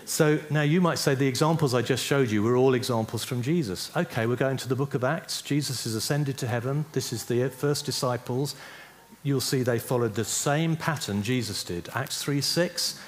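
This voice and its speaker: Here a man with a mid-range voice, talking at normal speed, is a preacher instructing a church group on how to pray for healing. He chats conversationally and regularly checks in by saying "yeah?".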